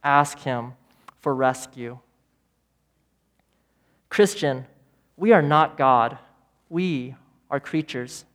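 A man preaching a sermon as pastor, emphatic, with repeated phrases and dramatic pauses. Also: medium pitch, a bit bright. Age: adult parent of young children.

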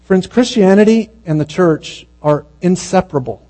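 Preacher, man, slightly high voice, relaxed storytelling sermon, low mains hum under it. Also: rough recording. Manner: conversational storytelling that grows hushed and slow at the moving parts.

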